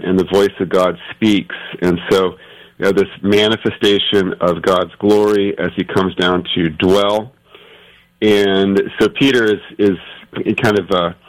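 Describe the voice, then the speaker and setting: A man speaks as an expert guest, walking through his points patiently and thoughtfully. He often pauses and restarts as he works out his phrasing. His voice sits a little low. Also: rough recording. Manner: thoughtful, explains patiently with many fillers and restarts. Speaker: guest scholar. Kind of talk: explanatory interview answers.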